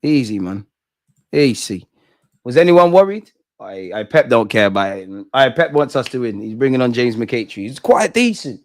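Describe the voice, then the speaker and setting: A young man hosting a live football watch-along, reacting with slangy banter that swings from loud shouting to low muttering. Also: sing-song, moderate pace. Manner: slangy banter, swears at the screen. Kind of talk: live match reaction commentary.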